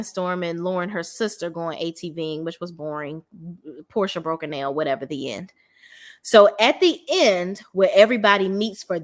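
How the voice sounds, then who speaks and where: Blunt, animated woman recapping reality TV. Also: medium pitch. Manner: blunt, opinionated, swears freely, animated quoting. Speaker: reality TV reviewer. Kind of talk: casual recap vlog.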